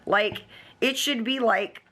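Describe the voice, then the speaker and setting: Bright-voiced woman ranting bluntly to camera. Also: a little high, slow pace. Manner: talks to the camera. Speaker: vlogger. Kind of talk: casual vlog rant.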